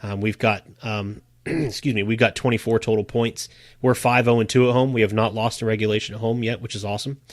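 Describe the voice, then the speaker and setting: A man's voice: lowish voice, steady tone, a little fast, no echo, clean studio sound. A man co-hosting a casual sports podcast, chatty and laughing often as he tells stories. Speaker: podcast co-host.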